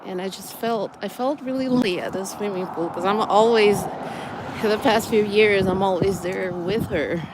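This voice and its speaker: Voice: mid-range voice, moderate pace. A middle-aged vlogger chatting reflectively while walking outdoors, recorded on a phone. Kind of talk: casual walking vlog. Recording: noisy outdoor recording with passing vehicles.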